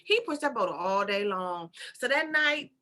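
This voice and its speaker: A woman, a spiritual teacher, telling a story in an animated, repetitive, conversational way. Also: medium pitch, moderate pace. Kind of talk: storytelling talk.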